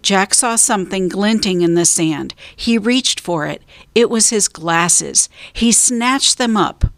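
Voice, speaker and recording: A woman storyteller reading a children's book aloud, slow, clear and deliberate. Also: mid-range voice, a bit bright, dry recording.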